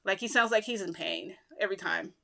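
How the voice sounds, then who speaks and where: Chatty young woman with a bright voice. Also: medium pitch, quick pace, gravelly. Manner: rambling, chatty, many fillers and restarts. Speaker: vlogger. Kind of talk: casual storytelling vlog.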